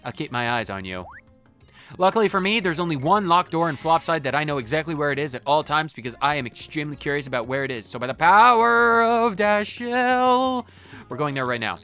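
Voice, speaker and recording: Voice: medium pitch, quick pace, fairly bright tone. A let's play host giving playful, goofy commentary while playing a video game. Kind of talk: casual gameplay commentary. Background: faint game music.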